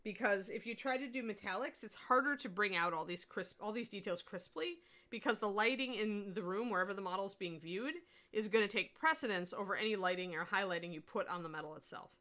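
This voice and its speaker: Woman painting instructor on a casual stream, bright, talkative, answers viewers as she works. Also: medium pitch, brisk, few pauses. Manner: chatty, answers viewer chat while painting. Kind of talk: casual livestream painting lesson.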